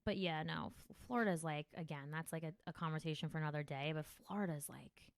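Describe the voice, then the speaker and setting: A woman's voice: sits low, quick pace, vocal fry. A woman from New Jersey hosting a comedy podcast, rambling and swearing freely in casual chat. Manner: profane, rambling, animated storytelling.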